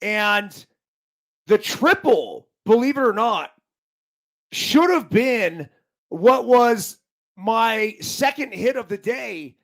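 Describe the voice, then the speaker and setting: A man's voice: very high-pitched, expressive, slow pace, vocal fry, a bit bright. A former baseball player chatting casually on a podcast, rambling and swearing as he recalls games. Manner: rambling, profane, restarts a lot. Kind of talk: casual sports chat.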